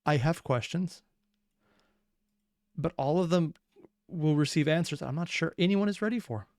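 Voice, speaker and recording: Excitable man riffing in reactions. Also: on the high side, moderate pace, no echo, studio quality. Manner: rambling, excitable asides. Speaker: reaction channel host. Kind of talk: casual reaction commentary.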